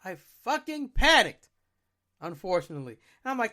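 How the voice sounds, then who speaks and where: A young adult podcast host telling a story in a profane, self-mocking, animated way. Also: mid-range voice, normal speed.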